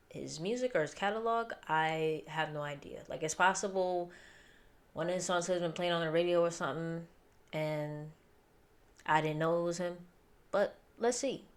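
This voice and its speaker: A woman hosting a music reaction video, talking casually and directly to her viewers, with occasional swearing. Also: lowish voice. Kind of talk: casual chat, reacting to an album. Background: faint music from the album.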